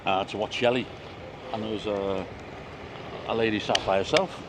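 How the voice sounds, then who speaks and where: A deep-voiced man in his fifties with a soft Liverpool lilt, spinning chatty anecdotes as he walks. His voice sits low, and traffic noise from the street runs steadily behind him. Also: steady tone, moderate pace. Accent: mild Liverpool. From Liverpool, England. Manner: chatty storyteller, warm anecdotes. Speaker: vlog host. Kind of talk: casual chat while walking. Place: outdoors on a town street.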